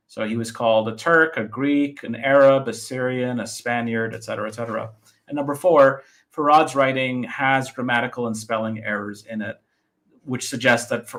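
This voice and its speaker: A man, the author of a book, explaining his research point by point in a relaxed podcast interview. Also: mid-range voice. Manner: methodical, lists points by number.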